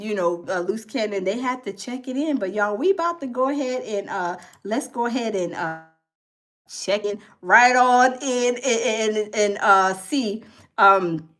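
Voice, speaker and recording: High-voiced woman gossiping animatedly. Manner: animated, acting out other people's voices, drawn-out fillers. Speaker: gossip show host. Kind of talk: casual livestream commentary.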